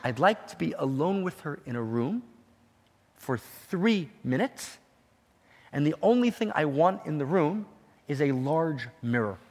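Man doing a young holy master, soft and heartfelt, husky, echo in a big room. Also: on the high side, big pitch swings, a little slow, heavily acted. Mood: gentle. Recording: long hall reverb.

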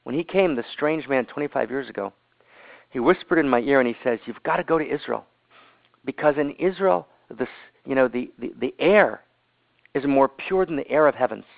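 Man telling of an old reverent master, hushed, slow, dry phone-line sound. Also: mid-range voice, animated, creaky, dry recording. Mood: awed. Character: old male Hasidic master, awed and reverent.

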